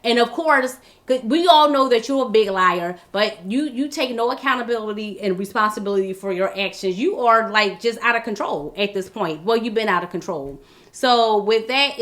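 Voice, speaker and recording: Woman host, fairly high bright voice, blunt off-the-cuff commentary, stumbles and repeats herself. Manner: blunt, exasperated, many restarts and repeated words. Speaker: vlog host. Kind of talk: casual political commentary.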